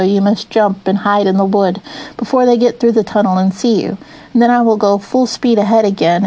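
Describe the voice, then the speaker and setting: A grave, steady train driver from a storybook, read by a woman, stern yet soft-hearted underneath. The voice is mellow and warm at a mid-range pitch. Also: close to an everyday voice, rough recording. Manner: steady and grave, slow when warning. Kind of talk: audiobook character reading.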